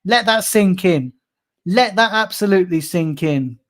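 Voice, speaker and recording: A man's voice: sits high, expressive, measured pace, fairly bright tone. A young man hosting a fan channel, ranting on a livestream, angry, sarcastic and swearing constantly. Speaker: football fan channel host. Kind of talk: live-streamed fan rant.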